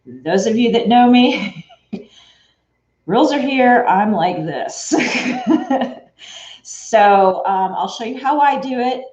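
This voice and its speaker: A woman's voice: a little high, animated, slow pace, long pauses, darkish tone, slight background noise. A woman hosting a casual quilting livestream, chatty and laughing often as she greets viewers by name. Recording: echoey room, dull lo-fi sound.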